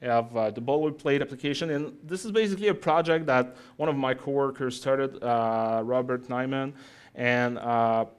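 A man presenting a live software demo to an audience, chatty and joking with the crowd between steps. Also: mid-range voice, normal speed, smooth. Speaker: tech conference speaker. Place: talk in front of an audience.

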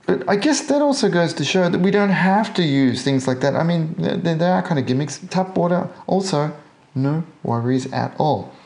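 An Australian man with a gravelly, rough-edged voice narrates a hands-on model painting tutorial. He talks casually as he works and drops in jokey, self-deprecating asides. His pitch sits in an ordinary middle range. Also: a little mellow.

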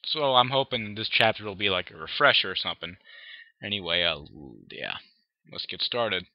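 A man's voice: lowish voice, animated, moderate pace, dry recording, dull audio. A man with a sore throat talking casually and reading fan fiction aloud, a bit hesitant. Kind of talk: casual vlog intro and story reading.

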